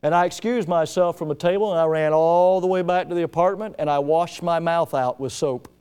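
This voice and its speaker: A man preaching a sermon as pastor, telling stories and acting out scenes with lively emphasis. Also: on the high side, brisk, clean tone. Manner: storytelling preacher, animated, acts out scenes.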